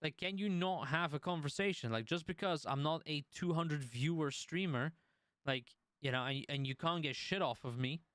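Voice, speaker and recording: Smooth, dry-voiced man talking casually. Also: a little high, normal speed, fairly bright tone, no room sound. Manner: conversational, restarts and swears while telling a story. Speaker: streamer. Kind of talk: casual stream talk.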